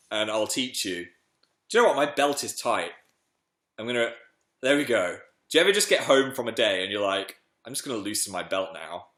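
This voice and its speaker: A young man hosting a casual livestream from home, chatting playfully and reading comments aloud. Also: a bit bright. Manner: chatty, playful, jumps into high silly voices. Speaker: livestream host.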